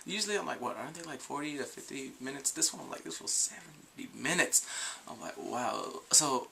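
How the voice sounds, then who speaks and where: A young man talks through a TV episode in a loose, rambling review. His voice has a gravelly edge and a bright, forward tone. He keeps acting out scenes in quoted voices, and faint room noise sits behind him. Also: mid-range voice, lively intonation, fairly quick. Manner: rambling, goes off on tangents, often laughs. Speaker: video reviewer.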